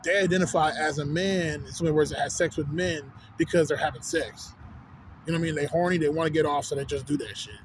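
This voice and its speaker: Out on a city street, a vlogger with a Texan accent rants at a quick pace in a fairly high voice. His casual talk is rambling and profane, full of "you know what I'm saying," over a slight hiss or hum.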